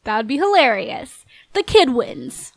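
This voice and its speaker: A woman with a high, bright voice chats her way through a life-sim game, bubbly and quick to laugh, cheering on and scolding the characters on screen. Her voice is recorded close on a dry microphone with no room sound. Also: big pitch swings, no room sound. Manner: bubbly, chatty, laughs often, talks to the characters. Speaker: gameplay commentator. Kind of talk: casual game commentary.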